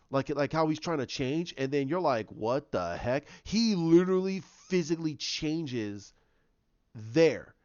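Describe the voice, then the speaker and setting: Male reviewer, casual rambling delivery, mid pitch, dry slightly dull recording. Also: no room sound. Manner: rambling, with many restarts and fillers. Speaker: TV episode reviewer.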